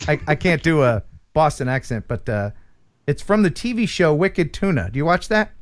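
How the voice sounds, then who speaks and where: A man's voice: a little high, expressive, normal speed. A man, around his forties, hosting a casual live stream chat in a goofy, playful way and laughing often. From USA.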